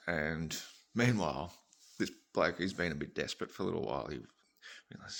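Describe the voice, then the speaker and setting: A deep-voiced man spins a shaggy-dog joke in a loose, meandering way. His voice sits low and crackles with fry. He curses freely and wanders off on asides. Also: lively intonation, fairly quick, a bit bright. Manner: rambling, swears, laughs at own tangents. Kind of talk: casual joke storytelling.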